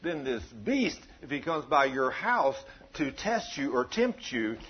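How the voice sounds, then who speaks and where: A man's voice: fairly high pitch, big pitch swings, unhurried, muffled recording. A man preaching a sermon in a folksy, conversational way, joking with his congregation.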